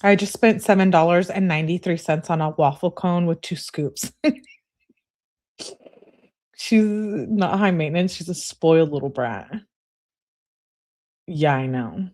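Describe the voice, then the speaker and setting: A woman's voice: fairly low pitch, measured pace, long pauses, a little mellow. A woman commentating on a true crime case, reading out text messages and reacting bluntly with sarcasm and swearing.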